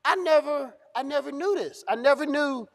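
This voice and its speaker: A man's voice: very high-pitched, normal speed, very noisy. A middle-aged male comedian telling a funny story on stage, acting out both sides of the conversation. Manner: animated, acts out dialogue. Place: event stage.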